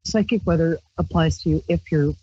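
Her deep, mellow, husky voice moves fairly quickly as she hosts a psychic call-in radio show from Brooklyn, reading tarot on a handheld mic. The style is rambling and chatty, playful with squealed exclamations, over dull, dry lo-fi stream audio.

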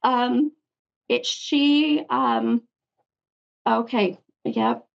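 A woman's voice: fairly high pitch, fairly even intonation, extremely slow, vocal fry, dull audio. A woman hosting a psychic call-in show, giving an affectionate spirit reading and calling the caller hun. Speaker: psychic medium show host.

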